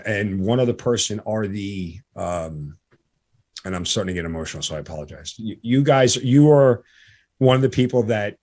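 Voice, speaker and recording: A man's voice: on the low side, darkish tone. A middle-aged man hosting a podcast interview, talking casually and with feeling, stopping and restarting often with many fillers. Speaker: podcast host.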